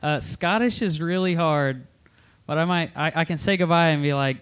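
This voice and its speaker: Young male podcast co-host, slightly high-pitched, dry and joking. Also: normal speed, a bit bright, clear, resonant tone. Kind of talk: casual podcast chat.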